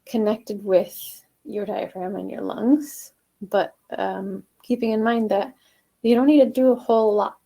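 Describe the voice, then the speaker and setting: A woman vocal coach leading a live online singing lesson, switching between calm explanation and loud, short staccato "ha" exercises that leap high into head voice. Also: unhurried, creaky. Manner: relaxed explaining with chuckles and fillers.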